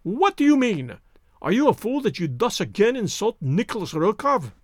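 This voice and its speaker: A man's voice: mid-range voice, wildly swooping pitch, unhurried, slightly rough, no echo, studio quality, pitched below the performer's own voice, full character voice. A man voicing a furious, threatening male villain in a storybook reading who shrieks his lines. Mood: enraged. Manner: shrieking, enraged.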